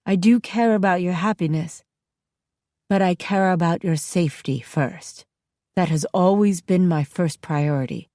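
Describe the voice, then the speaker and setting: A woman's voice: fairly low pitch, a little slow, warm tone, no room sound, studio quality, lightly acted. A woman narrator voicing a stern, weary mother who is firm and sarcastic with her teenage daughter.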